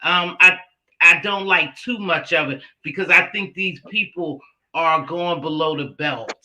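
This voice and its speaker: Woman livestream host, bright voice, animated casual chat, loud excited bursts. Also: sits low, measured pace, rough recording. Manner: animated, shouting and laughing when excited.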